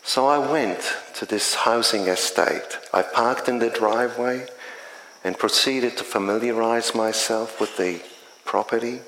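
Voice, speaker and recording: Slow, earnest chaplain. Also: male voice, medium pitch, a bit bright. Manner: earnest, measured storytelling. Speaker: community chaplain. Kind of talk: spoken testimony. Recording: echoey hall with faint ambience.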